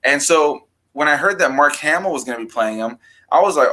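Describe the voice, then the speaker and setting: A man chatting casually about horror films, rambling and animated, breaking into raised-voice impressions of quotes. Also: on the high side, fairly quick, low-quality recording. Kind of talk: casual film discussion.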